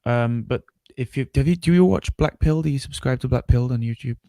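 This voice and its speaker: A man's voice: mid-range voice, fairly quick, mellow, dry recording. A man co-hosting a casual livestream chat, rambling and searching for words. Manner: rambling, trails off with fillers. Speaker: co-host.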